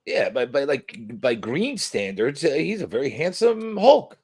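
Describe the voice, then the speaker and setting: Male co-host, husky, lively pitch, jokey banter. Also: a little slow. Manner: animated, joking, exclamatory. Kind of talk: casual chat.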